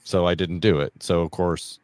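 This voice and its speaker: A former coxswain in casual podcast chat who explains things in a patient, low-key way. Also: male voice, fairly even intonation, normal speed, darkish tone, clean tone, dry recording. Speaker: former Coast Guard coxswain.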